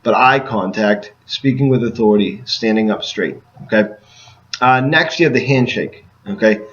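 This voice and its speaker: A man's voice: on the low side, moderate pace, a bit bright, dull audio. A man giving a casual sales training talk to door-to-door canvassers. He speaks emphatically and keeps checking in with "okay?" after each point.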